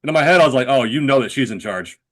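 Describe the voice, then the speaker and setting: A man's voice: mid-range voice, lively intonation, racing, a bit bright. A man in his thirties hosting a podcast, telling a long self-deprecating story in a rambling, casual way with lots of filler words. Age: 30s. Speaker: podcast host.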